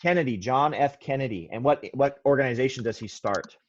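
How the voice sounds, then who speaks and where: A man's voice: medium pitch, fairly quick. Rambling male teacher, dull classroom recording. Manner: rambling, self-correcting, quizzes students. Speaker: history teacher. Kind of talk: classroom lecture with questions.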